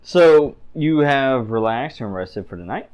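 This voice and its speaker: A man narrating a tabletop game as game master, relaxed and laughing often. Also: mid-range voice, unhurried, clean tone.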